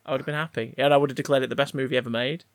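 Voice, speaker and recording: A man's voice: mid-range voice, very fast, no echo. A man, casually ranting and riffing about a film on a podcast, swearing freely. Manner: animated, sweary, rambling. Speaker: podcast co-host. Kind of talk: casual film review chat.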